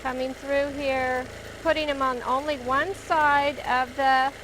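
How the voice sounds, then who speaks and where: A woman with a slightly raised pitch walks through a quilting demonstration step by step. She talks chattily as she works. A longarm sewing machine hums clearly under her voice in the studio. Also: takes it slowly. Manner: chatty, narrating each step as she stitches. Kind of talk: hands-on demonstration. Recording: steady machine noise behind the voice. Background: longarm sewing machine hum.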